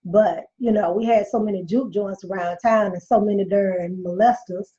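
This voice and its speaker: A woman's voice: mid-range voice, steady tone, moderate pace, dark tone. A woman in her forties hosting a live show, telling candid stories with emphatic, preachy talk and reading viewer comments aloud. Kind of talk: candid storytelling monologue to viewers. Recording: muffled lo-fi recording.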